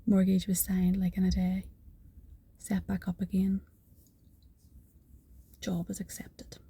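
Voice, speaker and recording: A woman's voice: medium pitch, monotone, slow, creaky, warm tone, husky. A woman telling a personal faith testimony in an earnest, half-whispered way, repeating phrases for emphasis.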